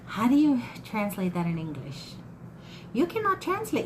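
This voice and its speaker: A woman's voice: a little high, wildly swooping pitch, moderate pace, noisy background. A woman in her fifties chatting casually to viewers about her thrift haul, folksy and talkative. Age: 50s. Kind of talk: casual haul chat to camera.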